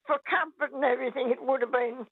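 An older woman phoning in to talkback radio, speaking gently and a little hesitantly. Her high voice is husky and creaky, and it comes through a tinny phone line. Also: fairly even intonation, quick pace, dry recording. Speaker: caller.

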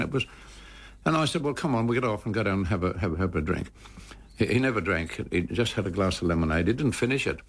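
Older aussie bloke telling old stories, low gravelly husky voice, keeps repeating himself. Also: male voice, lively intonation, brisk. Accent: Australian. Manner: emotive, repeats words when stressed. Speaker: former cricketer. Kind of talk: anecdotal storytelling.

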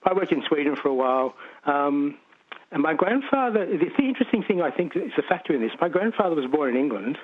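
A man's voice: fairly high pitch, very animated, quick pace, slight background noise. Australian man on a tinny phone line. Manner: chatty, rambling with restarts and laughs. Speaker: caller. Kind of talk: radio call-in chat.

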